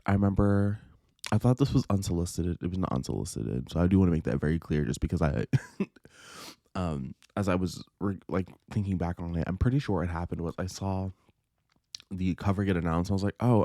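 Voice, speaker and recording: A man recapping a book in a casual vlog, telling it with animated, profane storytelling and quick bursts of quoted voices. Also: low-pitched, no room sound, studio quality. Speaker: book vlogger.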